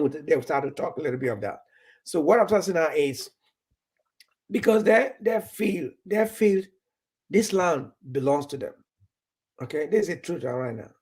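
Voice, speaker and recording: A man's voice: a little high, a little fast, a little mellow, breathy edge. A man from Nigeria talking in casual chat, rambling, repeating words and acting out bits of dialogue.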